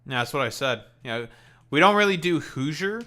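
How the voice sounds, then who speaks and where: A Canadian man with a Canadian English accent streams and chats casually as he plays a game. His voice is a little high, expressive, bright and forceful, at normal speed, and he rambles with offhand swearing.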